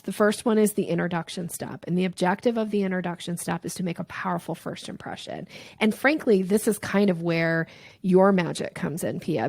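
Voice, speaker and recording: A woman's voice: on the low side, dry recording. A woman, a sales coach, explaining her method in a conversational interview and acting out short examples in playful voices. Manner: animated, acts out little voices and examples.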